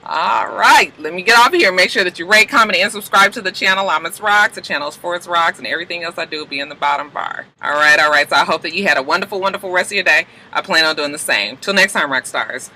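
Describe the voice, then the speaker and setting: A man recapping a TV episode for his channel in an animated, gossipy way with lots of exclamations. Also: sits high, fast, few pauses, rough recording. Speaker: TV show reviewer. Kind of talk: casual recap vlog.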